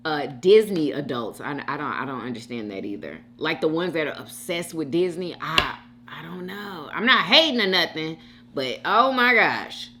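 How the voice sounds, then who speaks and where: A woman's voice: deep voice, normal speed, slight background noise. A woman hosting a mukbang video, chatting casually with viewers and reacting to comments with frequent laughter. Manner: animated, chatty, laughs often, talks straight to viewers. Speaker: mukbang host.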